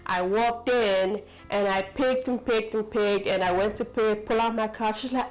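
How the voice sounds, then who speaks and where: A woman's voice: a little high, steady tone, moderate pace, hardly any pauses, faint music behind, rough recording. Chatty American woman vlogger. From United States. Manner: chatty, rambling, with many fillers and asides. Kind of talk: casual storytelling to camera.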